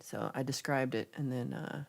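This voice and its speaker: A young woman hosting a casual livestream, reading viewer comments aloud and chatting in a lively, reactive way. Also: rumbling low, normal speed, creaky. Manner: chatty, reacts with gasps and laughs, animated. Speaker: livestream host reading chat.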